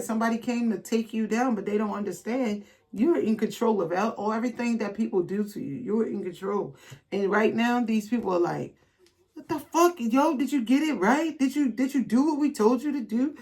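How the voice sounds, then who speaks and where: A woman does a tarot reading straight to her viewers. She talks loosely and bluntly, swears freely, and breaks off to read card messages aloud before going back to casual chat. Her voice sits at a middle pitch for a woman. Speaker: tarot reader.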